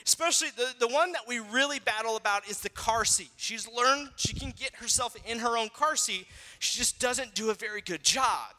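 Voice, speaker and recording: A pastor in his thirties preaches conversationally, telling stories with lively acted-out voices. His voice is unusually high and very bright. It rings with the long reverb of a large hall. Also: moderate pace. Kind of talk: sermon.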